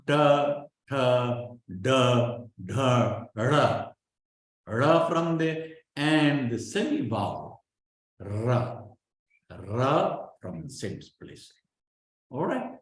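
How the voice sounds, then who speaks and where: A man leads an online class, sounding each syllable out slowly and patiently. He keeps pausing to check his listeners follow. His voice rings in a very echoey room. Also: mid-range voice. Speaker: Sanskrit pronunciation teacher. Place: online class over a video call.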